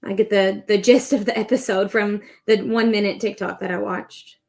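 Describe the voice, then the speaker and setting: A woman's voice: medium pitch, steady tone, normal speed, creaky, darkish tone. A woman in her thirties hosting a crochet livestream, chatting in a rambling, upbeat way while she works. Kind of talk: casual chat while crocheting.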